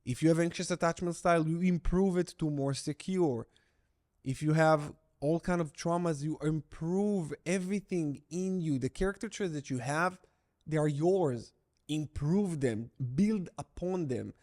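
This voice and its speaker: A middle-aged man speaking straight to the camera as a breakup recovery coach. His voice sits a little higher than most men's. He talks bluntly and with emphasis, hammering key phrases over and over. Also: unhurried, darkish tone. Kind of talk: direct-to-camera coaching talk.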